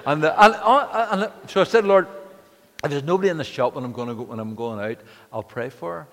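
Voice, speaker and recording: Animated male preacher in a reverberant hall. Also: mid-range voice, fast. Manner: animated storytelling with frequent restarts and repeated words. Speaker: pastor. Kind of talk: sermon.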